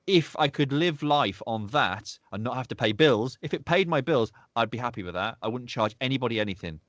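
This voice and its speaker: A man's voice: mid-range voice, fairly bright tone, no room sound, studio quality. A man, a podcast guest, chatting casually and emotionally, often repeating his words. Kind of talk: casual interview chat.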